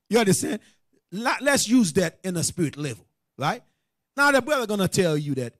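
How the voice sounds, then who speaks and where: A man's voice: high voice, animated, normal speed, no echo, clean studio sound. A man teaching a religious class in a sermon style, emphatic and direct, often asking his listeners whether they understand.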